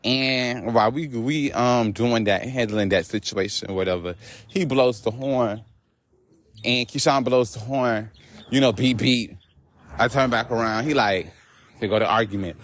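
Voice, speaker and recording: Guy ranting on a walk, cussing a lot, fired up, mid-pitch voice. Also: a little slow. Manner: animated, profane, laughing asides. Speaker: vlogger. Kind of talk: casual storytelling rant. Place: outdoors on a walk.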